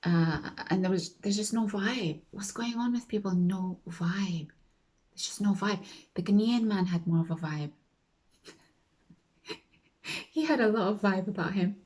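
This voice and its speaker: Speaking a little slowly and pausing often, a woman vlogger with a medium-pitched, darkish voice recounts a story on a rough recording. Her manner is chatty; she acts out the people she quotes and sometimes falls to a whisper.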